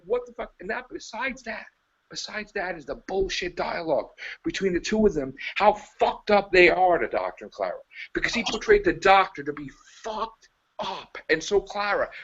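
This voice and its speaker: A man's voice: high-pitched, a bit bright, lo-fi sound. A man co-hosting a podcast, ranting in casual chat, profane, exasperated and mocking. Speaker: podcast co-host.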